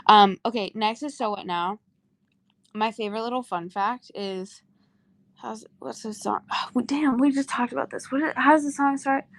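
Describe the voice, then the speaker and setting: A groggy woman rambles and giggles through a casual livestream chat, swearing freely. Her voice sits a little high, and the sound is close and dry with no room around it. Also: normal speed, no echo. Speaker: singer on a livestream.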